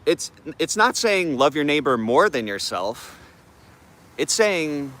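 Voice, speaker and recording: A man's voice: on the high side, big pitch swings, takes it slowly, a bit bright. A man hosting a live morning affirmation stream, talking in laid-back slang and greeting chat viewers by name. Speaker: livestream host.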